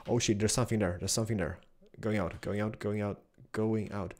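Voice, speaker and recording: A young man giving excitable Let's Play commentary, exclaiming and chatting to the animals he finds. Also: fairly low pitch, brisk. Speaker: gaming YouTuber.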